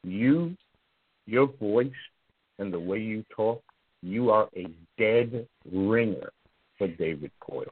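Husky Southern US man, tinny line. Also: fairly low pitch, slow, pauses often, dry recording. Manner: animated, teasing, repeats words. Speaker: sports talk host. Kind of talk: casual sports talk.

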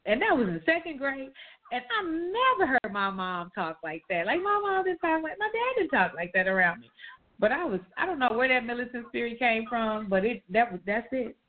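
A woman co-hosting a casual talk show tells a childhood story with animated, emphatic reminiscence. Her voice is a little high and fairly quick, and it comes through a tinny, phone-like line.

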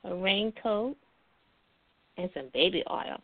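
A woman co-host speaking in an unhurried, encouraging way as she hosts a casual chat. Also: mid-range voice, animated, no echo. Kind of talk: casual talk show hosting. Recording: dry tinny phone-like line.

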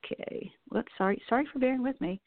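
Sex: woman. Role: host, gravelly and chatty. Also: high voice, fast, dry recording. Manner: chatty, scattered, apologetic. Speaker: talk show host. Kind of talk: casual live show chat. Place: New York. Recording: dry, tinny phone-like sound.

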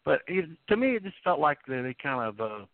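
A man co-hosts a casual radio chat, rambling and halting as he talks. His voice is fairly high and lively, and it sounds dry and thin, like a phone line. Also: dry recording. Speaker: radio show co-host.

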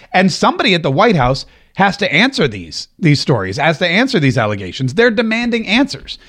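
A man's voice: sits high, fairly bright tone. A man hosting a political commentary show, talking casually and animatedly, often stumbling over and repeating words.

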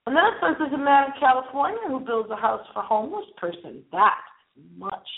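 Woman, show host, theatrical and playful, lively voice swooping high and low, narrow phone-line sound. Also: a little fast, vocal fry. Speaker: host of a paranormal talk show. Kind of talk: casual solo show monologue.

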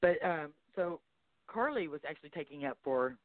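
A man hosting an online radio show rambles along, short of breath, with plenty of fillers and apologies. His voice sits a little high for a man. It comes through a tinny, bone-dry phone line. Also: lively intonation, moderate pace, no room sound. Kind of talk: casual online radio chat, reading a long post aloud.

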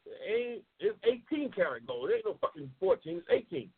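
Fired-up, foul-mouthed male show host from New York City, husky voice, heard through a thin phone-quality line. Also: high-pitched, sing-song, fairly quick. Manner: loud, emphatic, heavily profane, passionate. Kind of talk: profane live show talk, reading viewer comments. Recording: tinny phone-like audio.

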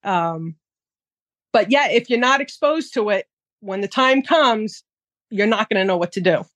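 A woman's voice: mid-range voice, animated, unhurried, a bit bright, no room sound. A woman firearms instructor chatting in an interview, with a mid-range voice. She talks freely, with many fillers. The sound is dry and close. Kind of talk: casual interview.

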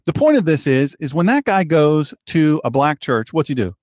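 A male talk show host delivers a heated, sarcastic monologue, his voice sitting a little high and swinging animatedly up and down. He often doubles back and repeats himself, and the sound is dry and close. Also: very animated, normal speed, a little mellow, no room sound. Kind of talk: political commentary monologue.

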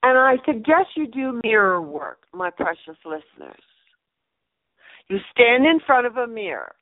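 A middle-aged woman hosts an inspirational radio show and talks slowly with a lively, somewhat high voice. She repeats her key phrases emphatically and calls her listeners her precious ones. Her voice comes through a thin, dry, phone-like line. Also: dry recording. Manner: emphatic and repetitive, addressing listeners fondly. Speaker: radio show host and numerologist. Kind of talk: inspirational radio advice talk.

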